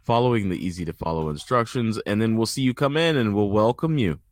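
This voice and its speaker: A man's voice: fairly low pitch, fast talker. A man co-hosting a podcast, joking in a wry, teasing way. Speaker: podcast co-host. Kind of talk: casual chat.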